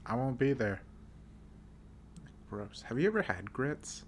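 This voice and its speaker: A man's voice: mid-range voice, big pitch swings, measured pace, slight background noise. A young man co-hosting a podcast, chatting casually and teasing his co-host with slangy banter. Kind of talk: casual chat.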